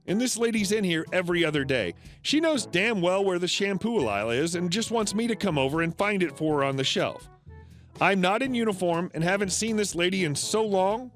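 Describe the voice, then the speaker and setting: A man with a fairly high voice reads first-person stories aloud. His pitch rises and falls a lot, so the telling sounds animated rather than flat. Soft music plays quietly under him. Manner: steady storytelling read with lively swings into quoted characters. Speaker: narrator. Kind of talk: scripted narration of online stories. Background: faint background music.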